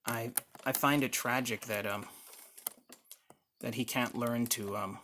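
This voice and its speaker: A man's voice: medium pitch, steady tone, a little slow, bright, forceful tone, a little hiss or hum, voice pushed down. A man voicing a meek, hesitant male patient in group therapy who halts and placates, in an amateur one-man reenactment. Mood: timid.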